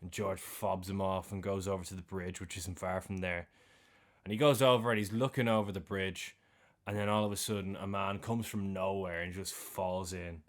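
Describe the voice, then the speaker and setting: A young man with an Irish accent talks through a film's plot for a podcast, his voice sitting a little low. He retells each scene with energy, slang and the odd swear word. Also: steady tone, normal speed. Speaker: podcast co-host. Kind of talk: casual film recap chat.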